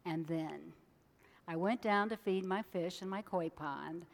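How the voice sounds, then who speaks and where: A woman minister giving a sermon, telling a story with lively acted voices. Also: fairly low pitch, unhurried, gravelly, big-room sound. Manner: animated storyteller acting out voices. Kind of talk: sermon with a told joke.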